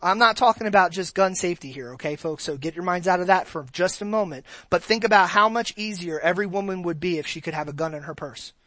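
A woman's voice: on the low side, quick pace, hardly any pauses, fairly bright tone, no echo. A woman preaching a casual sermon, joking and acting out little quoted voices as she goes. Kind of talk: conversational sermon.

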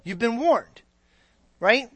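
A woman with a fairly high voice delivers a sermon in a loose, conversational way, pausing over and over to ask whether her listeners follow. The sound is dry and close, with almost no room around it. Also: expressive, fairly bright tone, husky, no echo. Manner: conversational, keeps checking in with the audience. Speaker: preacher.

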